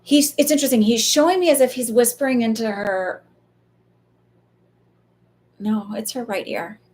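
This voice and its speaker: A woman's voice: fairly high pitch, normal speed, a little mellow, slight background noise. A woman speaking as a psychic medium in a casual live reading, chatty and loose, full of fillers and the odd swear.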